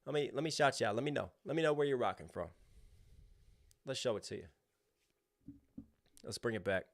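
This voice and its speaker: A man's voice: medium pitch, lively intonation, a little fast. A young man hosting a livestream, chatting casually and reading out viewer names and donations. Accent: American.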